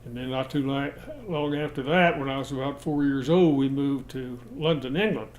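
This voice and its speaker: An older American man reminiscing about his childhood in a relaxed interview, chuckling and restarting his sentences as he goes. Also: mid-range voice, moderate pace. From United States. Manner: rambling, chuckling storyteller with frequent restarts.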